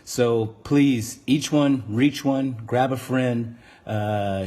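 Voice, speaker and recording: A man in a clip played during the stream, making an earnest, measured appeal to voters. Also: mid-range voice, steady tone, a little mellow.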